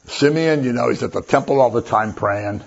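A man's voice: medium pitch, moderate pace, creaky. A man preaching a sermon as a pastor, conversational and joking as he retells the story. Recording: dull lo-fi recording.

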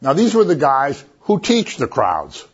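A man giving a sermon in a casual, conversational way, telling stories with lively asides. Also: on the high side, unhurried, slightly rough, dull audio. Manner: conversational, animated storytelling with asides. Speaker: preacher.

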